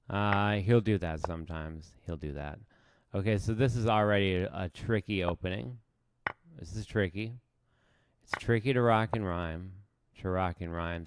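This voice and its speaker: Male chess streamer, low-ish voice, unhurried self-mocking play-by-play muttered to himself. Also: noisy background. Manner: thinks aloud while playing, self-mocking. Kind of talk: casual live game commentary.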